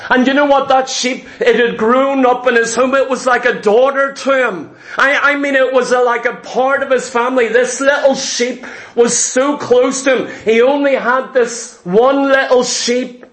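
A man preaching a sermon, retelling a Bible story slowly and dramatically and acting out the speakers' words. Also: extremely high pitch, steady tone, fairly bright tone. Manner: acts out biblical figures' speech.

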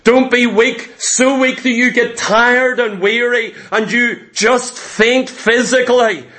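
A man's voice: very high-pitched, steady tone, slow, sharp tone. A man preaching a fervent sermon, repeating phrases and calling out to the congregation as saints.

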